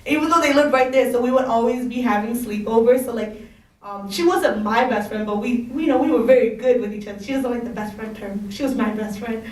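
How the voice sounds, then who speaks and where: A woman's voice: on the high side, fairly quick, roomy sound, far from the mic, low-quality recording. A young woman talking casually to students about college life, chatty and giggly, saying "like" a lot. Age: young adult. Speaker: college panel speaker. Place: school room.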